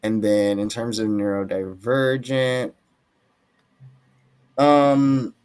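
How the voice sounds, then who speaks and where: A man's voice: mid-range voice, little pitch movement, drawn-out words, darkish tone, smooth. A young man from Atlanta, Georgia, losing his voice, talking thoughtfully in an interview as an author guest, with many fillers and hedges. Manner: thoughtful, hedging, frequent fillers. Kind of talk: casual interview talk.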